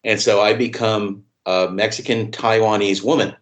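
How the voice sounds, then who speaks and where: A man with a lowish voice, talking as a podcast guest. He rambles along casually, leaning on "you know" and the odd curse word. His voice rings in a noticeably echoey room. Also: steady tone, moderate pace. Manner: rambling, peppered with "you know", swears freely. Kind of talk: casual conversation.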